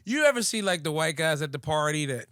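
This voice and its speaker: A male stand-up comedian bantering on a podcast, joking and doing voices in a casual, animated way. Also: a little high, quick pace, no room sound, studio quality.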